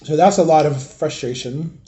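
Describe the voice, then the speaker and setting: Mellow-voiced man chatting casually to his viewers. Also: fairly high pitch, normal speed, lo-fi sound. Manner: rambling, filler-heavy, confiding. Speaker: vlogger. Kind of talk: casual storytelling vlog.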